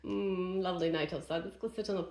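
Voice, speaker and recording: A woman voicing a genteel lady who lives in a dollhouse, speaking softly and languidly. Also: lowish voice, fairly even intonation, fast talker, roomy sound, background noise, lightly acted. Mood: dreamy.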